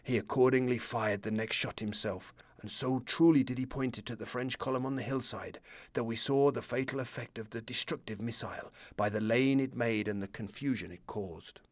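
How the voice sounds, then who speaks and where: A man voicing a male rifleman's memoir in a lowered put-on accent. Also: moderate pace, no echo, lightly acted. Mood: recounting. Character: low-voiced male rifleman recalling battle.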